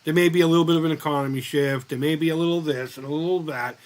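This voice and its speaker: A man hosting a livestream who rambles through stories and swears freely. His voice sits a little on the high side, and he talks in a loose, casual way. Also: steady tone, very fast. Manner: profane, rambling storyteller. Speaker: livestream host.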